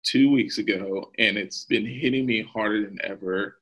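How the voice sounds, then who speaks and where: A man's voice: fairly low pitch, moderate pace, fairly bright tone, husky, highs cut off. A man, a pastor, speaking earnestly and openly in a podcast interview about his faith and hard times, with a nervous laugh now and then.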